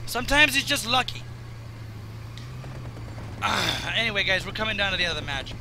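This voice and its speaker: Excitable man with a raw voice. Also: high-pitched, moderate pace, gravelly, background noise. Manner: rambling, excitable, jokey. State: raw, strained voice. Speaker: gaming commentator. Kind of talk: casual gameplay commentary.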